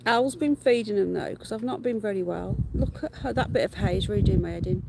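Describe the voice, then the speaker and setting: A woman's voice: medium pitch, quick pace, vocal fry, hardly any pauses, background noise. A woman, chatting casually on a live stream from her garden and cooing to her pet rabbits in baby talk. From England. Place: outdoor garden.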